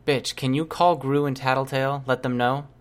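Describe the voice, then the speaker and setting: A man's voice: medium pitch, steady tone, normal speed, close to an everyday voice. A man reading aloud, voicing a cautious, wry teenage girl with a dry, lightly humorous delivery. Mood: firm. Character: young teen girl heroine, wry and cautious.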